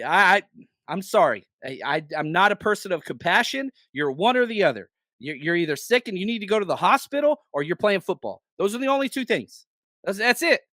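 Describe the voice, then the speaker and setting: A man's voice: high voice, pushed and bright, no echo, studio quality. A man hosting a live sports podcast, ranting bluntly and heatedly, swearing and stammering when worked up. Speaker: podcast host.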